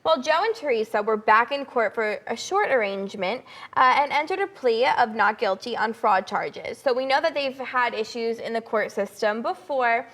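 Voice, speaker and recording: A woman's voice: fairly high pitch, expressive, normal speed, few pauses, a bit bright. Chatty young woman hosting gossip news. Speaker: co-host. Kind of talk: casual entertainment news chat.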